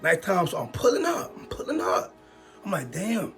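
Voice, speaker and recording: A young man, telling a long storytime with slangy, repetitive, excitable talk. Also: sits high, moderate pace, soft background music. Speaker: storytime YouTuber. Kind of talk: animated storytime monologue.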